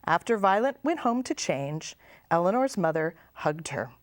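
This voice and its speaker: A woman's voice: on the low side, moderate pace, no room sound, studio quality. A woman, a children's librarian, reading a picture book aloud at storytime. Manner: expressive, sing-song.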